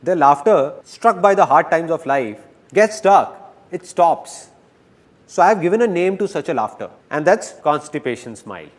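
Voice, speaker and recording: Guy doing a motivational talk, super animated, voice bouncing up and down, kinda high. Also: slow, pauses often, some chatter behind. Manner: animated, playful, exhorting the audience. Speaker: motivational speaker. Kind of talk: live motivational speech.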